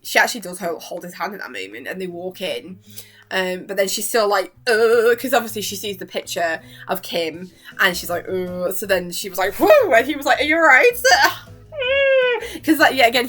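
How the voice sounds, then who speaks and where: A woman's voice: mid-range voice, sing-song, normal speed, fairly bright tone, faint music behind. A young woman vlogger chatting casually and rambling, gushing and giggling as she acts out quotes. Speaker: reaction vlogger.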